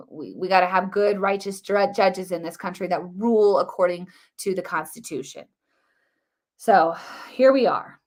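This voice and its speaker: Woman talking to her viewers on a livestream, rambly and excited, keeps restarting her sentences, mid pitch. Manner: animated, rambling, many restarts and fillers, addresses viewers as guys. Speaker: host of a political commentary livestream. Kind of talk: casual live commentary.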